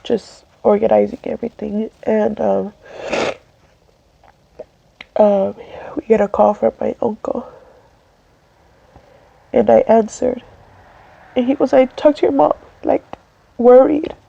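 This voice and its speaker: A woman telling a personal story while crying, halting and tearful, with many restarts. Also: on the high side, fairly even intonation, vocal fry, dark tone. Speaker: vlogger. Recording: dull lo-fi audio with faint background noise.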